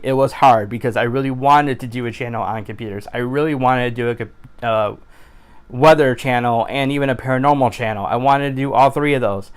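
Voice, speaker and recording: A man talking in a casual vlog monologue, earnest and rambling, with frequent restarts and animated exclamations. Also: mid-range voice, clear, resonant tone. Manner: animated exclamations of his catchphrase. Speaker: YouTuber.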